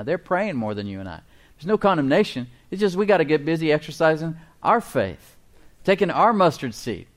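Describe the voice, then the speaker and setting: A middle-aged pastor with a medium-pitched voice preaches a sermon, leading the congregation in call-and-response. He reads scripture slowly and with emphasis, chuckling between his points.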